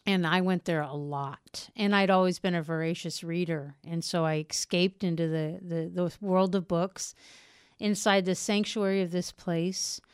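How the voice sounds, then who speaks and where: A woman's voice: fairly low pitch, steady tone, moderate pace, smooth, no room sound, clean studio sound. A middle-aged woman from Portland, a novelist, answering interview questions in an earnest, reflective way. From United States (Portland, Oregon). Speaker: novelist guest.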